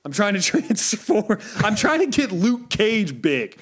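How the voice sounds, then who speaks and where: A man's voice: high voice, a little slow, breathy edge. A man co-hosting a podcast in crude, joking casual banter, swearing freely. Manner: profane, joking, lively. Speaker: podcast co-host.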